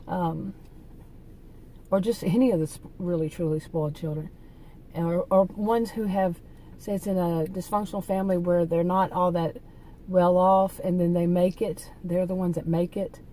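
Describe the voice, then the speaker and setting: A woman's voice: on the low side, mellow, a little hiss or hum, low-quality recording. A woman hosting her own channel, telling a story in a casual, rambling monologue with many fillers and restarts, talking straight to her viewers. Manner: chatty, talks straight to viewers. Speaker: channel host telling stories.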